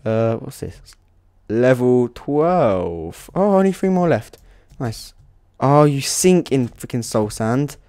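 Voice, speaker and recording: A man's voice: medium pitch, big pitch swings, takes it slowly, dark tone, no echo, studio quality. A young man hosting a game channel, giving let's play commentary in an exasperated, rambling way with swearing. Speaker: gaming channel host.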